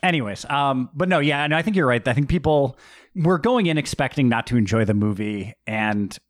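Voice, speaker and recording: A male podcast co-host trading wry, deadpan asides in casual movie talk. His pitch moves lively and wide. The recording is dry and close, with no room sound around him. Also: brisk, dry recording. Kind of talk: casual movie-review chat.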